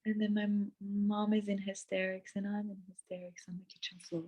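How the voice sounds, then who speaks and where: A young woman sharing a heartfelt personal update in a vlog. She talks openly and emotionally, with lots of "like" fillers. Her voice swings between bright excitement and quiet, near-whispered vulnerability. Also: mid-range voice, a little fast.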